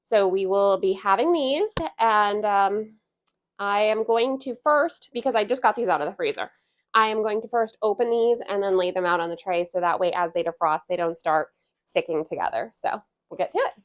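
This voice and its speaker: A woman's voice: mid-range voice, normal speed. Chatty woman narrating a home cooking vlog. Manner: chatty, relaxed, with laughs and fillers. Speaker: homestead cooking vlogger. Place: home kitchen, indoors.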